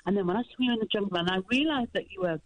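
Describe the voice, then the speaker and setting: A woman's voice: mid-range voice, very fast, no echo, lo-fi sound. A woman speaking as a guest on a radio show by phone, bubbly and effusive, telling anecdotes. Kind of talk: casual radio interview. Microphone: phone line.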